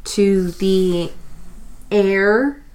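A woman's voice: medium pitch, extremely slow, a little mellow. A woman playing a tabletop game, chatting casually and thinking aloud as she plays. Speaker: player. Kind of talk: casual play commentary.

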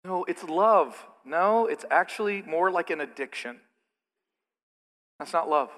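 Middle-aged male pastor, high bright voice, preaching in a long-echo church hall. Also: measured pace. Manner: animated, with mocking put-on asides. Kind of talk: sermon. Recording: reverberant hall.

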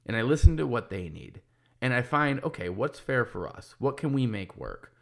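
In this casual monologue, a podcast host and business owner in his thirties talks candidly, swearing freely and restarting sentences as he thinks aloud. His gravelly voice sits at medium pitch with big pitch swings, and he speaks at a normal speed.

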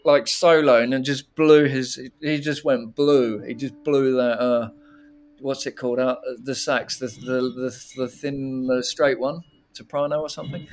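A man's voice: medium pitch, normal speed. A man recalling an old music workshop in casual, rambling talk, swearing freely and breaking into laughs. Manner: rambling, swearing, laughing, animated when retelling. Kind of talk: casual conversational storytelling.

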